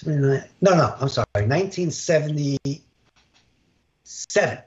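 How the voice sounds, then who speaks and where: Older male ex-umpire with a lively storytelling manner who acts out the dialogue; dull video call audio. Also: on the high side, slow. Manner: animated, acts out quoted dialogue. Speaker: former baseball umpire. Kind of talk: storytelling in an interview.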